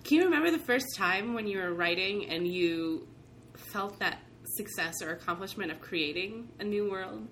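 A woman's voice: medium pitch, lively intonation, normal speed, a bit bright, slight background noise. A woman interviewer asking open, encouraging questions in a casual chat.

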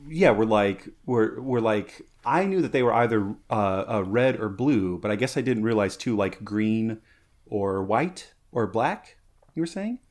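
A man's voice: fairly low pitch, expressive, measured pace, a little mellow. A man co-hosting a casual podcast chat, rambling with lots of fillers and restarts. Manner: rambling, filler-heavy, laughs along. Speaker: podcast co-host.

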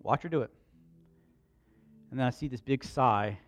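A man preaching a sermon, telling a personal story in a hushed voice, then building to loud, slow, emphatic lines. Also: mid-range voice, faint music behind. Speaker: pastor.

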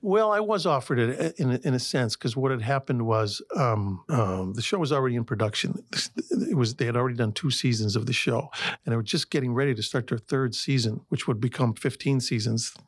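Older Chicago man, husky storyteller. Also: mid-range voice, expressive, a little fast, no room sound, clean studio sound. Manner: rambling anecdotes with restarts and acted quotes. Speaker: actor interviewee. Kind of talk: casual interview storytelling.

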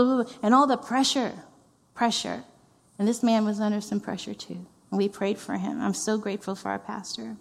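A woman executive pastor giving a heartfelt, conversational sermon, repeating phrases for emphasis. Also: medium pitch. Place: church sanctuary. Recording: reverberant church hall.

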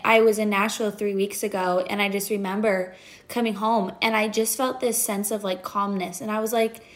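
A young woman talking casually about faith and patience, animated and full of filler words. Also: medium pitch. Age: young adult. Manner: chatty, animated storytelling, heavy "like" fillers. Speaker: podcast guest.

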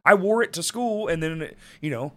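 Man, lively up-and-down voice, slightly high, swears a lot, laughing podcast host. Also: a little fast. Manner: animated, profane, laughs often. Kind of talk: casual chat.

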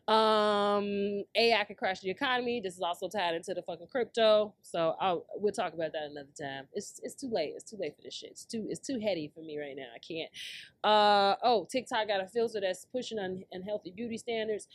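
A woman hosting her own podcast in brash, profane casual commentary, dropping to low mutters and then breaking into loud, high outbursts. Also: a little fast, no echo. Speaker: podcast host.

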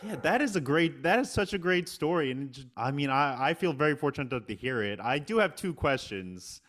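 A man interviewing a guest, asking his questions with halting restarts. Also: on the high side, animated, a bit bright.

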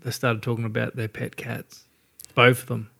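A man's voice: medium pitch, level tone, normal speed, a bit bright. Blunt, swearing Australian man. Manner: blunt, gruff, swears freely. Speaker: podcast co-host. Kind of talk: casual chat.

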